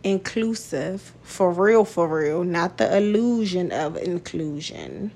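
A woman's voice: on the low side, big pitch swings, slow pace, darkish tone, slight background noise. A woman hosting a podcast in a casual monologue, talking bluntly, swearing and laughing often. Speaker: podcast host.

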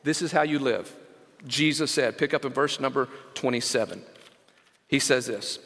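A male senior pastor preaching a sermon, stressing scripture slowly and calling out to the congregation. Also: mid-range voice, a bit bright, long reverb tail. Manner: emphatic, slows down to stress scripture; engages congregation with call-outs.

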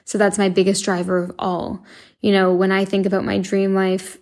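A young woman talks to her audience in a loose, earnest monologue. She leans on fillers and restarts as she goes. Her voice carries a gravelly fry and stays in a narrow, even pitch band. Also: moderate pace. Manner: chatty, earnest, filler-heavy with frequent likes and restarts. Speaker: podcast host and meditation app founder. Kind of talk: casual monologue.

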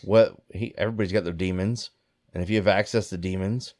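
A man's voice: low voice, steady tone, fast, darkish tone. A man in casual chat, blunt and swearing often.

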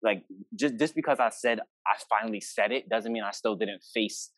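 A man's voice: lowish voice, moderate pace, fairly bright tone, dry recording. A young adult man, a podcast guest, telling stories in casual chat, acting out quoted family lines and swearing freely.

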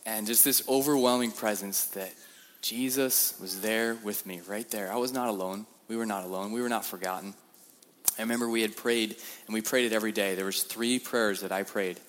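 A young man with a low voice gives a sermon-style testimony from a church platform. He tells his story in an animated way, stumbling and repeating words, and acts out the quotes in it. The sound carries a long reverb from the large sanctuary. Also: brisk, slight background noise. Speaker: guest speaker.

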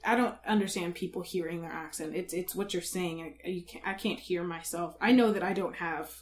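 A woman's voice: on the low side, brisk. A woman in casual chat with friends, rambling and restarting her sentences.

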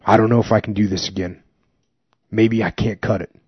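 Brief: a hesitant, stammering young army lieutenant, voiced by a male reader, husky and low, dull dry sound. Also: fairly even intonation, a little fast, no room sound. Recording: slightly muffled dry recording.

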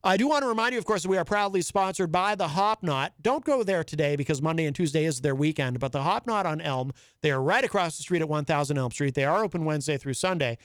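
Man, radio talk host, high voice, chatty and rambling, dry close studio sound. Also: lively intonation, fast talker, few pauses, no echo. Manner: chatty, rambling, self-amused. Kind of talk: casual monologue. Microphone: studio microphone.

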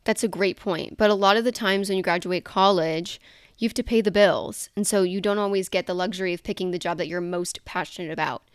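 A woman's voice: on the low side, a little fast, clear, resonant tone, no room sound, studio quality. A woman hosting an interview, affirming her guest's answers and asking long follow-up questions. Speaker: podcast host.

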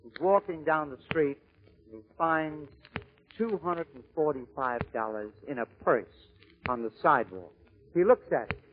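A man with a fairly high voice reels off comic stories in a brisk storyteller's manner. The recording is narrow and tinny, like a phone line, with a faint hiss. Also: expressive. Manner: brisk storyteller who slips into character voices. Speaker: stand-up comedian. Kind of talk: joke telling.

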